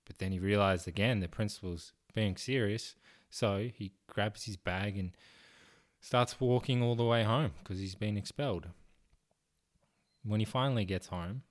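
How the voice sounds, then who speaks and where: A man's voice: lowish voice, a little slow. A man hosting a podcast, telling a story in a casual, self-deprecating way and swearing freely. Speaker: podcast host.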